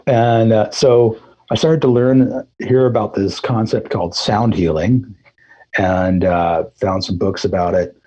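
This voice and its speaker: Husky low-voiced middle-aged man. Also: a little slow, lo-fi sound. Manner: relaxed, rambling, many fillers and restarts. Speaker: guest musician, throat singer. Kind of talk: casual interview storytelling.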